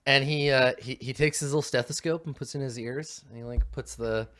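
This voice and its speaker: A man's voice: mid-range voice, steady tone, a little fast, fairly bright tone. A man narrating a tabletop game as game master, rambling with many fillers.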